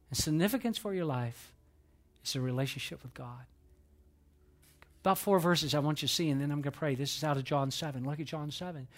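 A male pastor preaching a sermon in a large dark auditorium, swinging from loud emphatic lines to hushed ones. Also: a little high.

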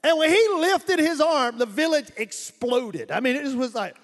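A man preaching a sermon as a missionary, telling stories in an animated way, laughing often and mimicking sounds. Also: very high voice, moderate pace. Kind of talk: storytelling sermon. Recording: echoey hall with long reverb.

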